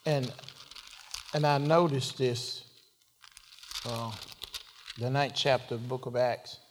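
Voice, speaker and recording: A man preaching a sermon, unhurried, asking rhetorical questions and rising to sudden emphatic lines. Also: medium pitch, steady tone, slight background noise. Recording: long reverb of a large hall.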